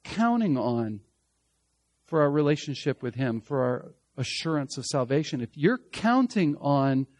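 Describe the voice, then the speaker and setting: A man preaching a sermon as pastor, swinging from emphatic loud passages to hushed, slow lines. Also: fairly high pitch, sing-song, dry recording.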